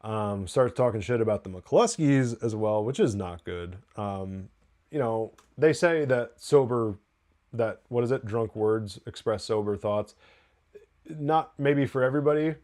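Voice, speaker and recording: A man hosting a live TV review show, recapping an episode in a loose, excited, profane way with lots of fillers. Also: medium pitch, unhurried. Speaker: TV review podcast host.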